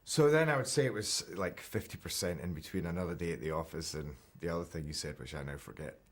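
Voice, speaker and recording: A Scottish man in his thirties talks through an interview at an easy pace with a very low voice. He sounds relaxed and self-deprecating, often restarting his sentences as he thinks aloud. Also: quick pace, a little hiss or hum. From Scotland. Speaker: actor interviewee. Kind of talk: casual interview chat.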